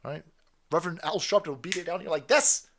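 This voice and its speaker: A man ranting in profane political commentary over a clip, sarcastic and mocking, dropping to mutters and then bursting out loudly. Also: on the high side, very fast, a little hiss or hum. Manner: sarcastic, mocking, swings from mutters to loud outbursts. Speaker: commentary streamer.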